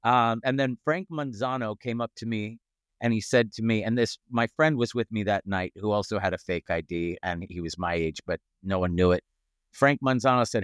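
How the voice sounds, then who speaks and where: A middle-aged man, a comedian guest on a podcast, telling lively anecdotes and acting out what people said. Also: fairly low pitch, normal speed, clear, resonant tone, no echo, clean studio sound. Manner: animated anecdotes, acts out quoted voices. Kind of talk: casual storytelling chat. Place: podcast studio.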